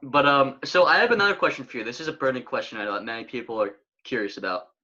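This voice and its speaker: A young man hosting a podcast, telling stories in an excitable, casual way and saying "dude" a lot. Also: mid-range voice. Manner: excitable, fast storytelling with lots of "dude". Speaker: podcast host. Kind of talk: casual chat. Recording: dull lo-fi sound.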